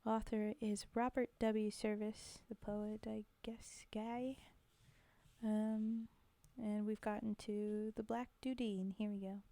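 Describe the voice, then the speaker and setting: A woman's voice: mid-range voice, flat delivery, unhurried, dark tone, no echo. A woman hosting a casual livestream, chatting with viewers, giggling often and reading poetry aloud.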